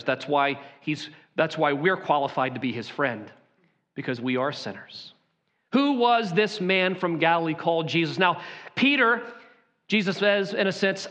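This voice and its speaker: A man preaching a sermon to his congregation with a Southern accent, emphatic and full of dramatic pauses. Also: on the high side, lively intonation, fairly bright tone. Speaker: pastor. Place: church sanctuary.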